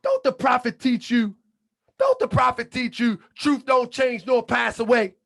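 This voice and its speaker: A man hosting his channel, preaching in a fiery monologue with shouted, repeated lines and colloquial talk, a little under the weather. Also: very high-pitched, very animated, measured pace, creaky. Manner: colloquial, drops into muttered asides. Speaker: channel host.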